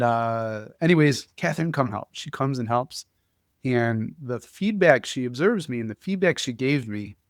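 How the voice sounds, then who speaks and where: A man hosting a podcast who tells stories in an animated, casual way, often restarting his sentences. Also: medium pitch, no echo, studio quality. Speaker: podcast host. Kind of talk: casual conversational storytelling.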